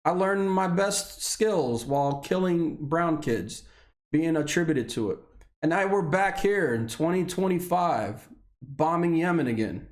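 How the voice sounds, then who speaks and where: A man in his thirties from Indiana, a military veteran, delivering an unscripted, profane personal rant that swings between heated anger and low, weary tones. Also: animated, measured pace. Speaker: video blogger, military veteran.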